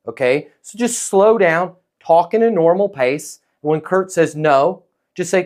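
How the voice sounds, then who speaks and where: A man giving casual training talk as a leasing sales trainer, speaking in a calm, neutral, non-pushy tone and coaching with frequent "okay?" and "right?" check-ins. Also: on the high side, moderate pace.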